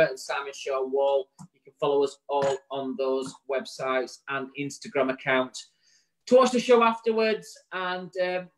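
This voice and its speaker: A man's voice: a little high, a bit bright, poor audio. A man co-hosting a live online show, signing off bluntly and heartily, swearing freely while rallying his listeners. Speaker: co-host.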